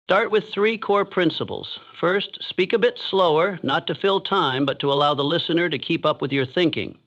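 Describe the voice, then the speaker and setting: A male narrator delivers a motivational script in a measured, deliberate manner, pausing so each point can sink in. His voice is slightly high for a man and a bit bright, and the recording sounds dull and lo-fi.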